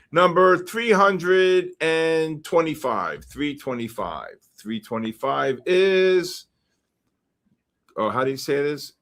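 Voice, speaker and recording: A man hosting a livestream, reading out numbers and usernames for a giveaway and getting excited about each winner. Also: fairly high pitch. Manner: excitable, shouts when names are drawn. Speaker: livestream host. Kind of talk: live-stream giveaway draw.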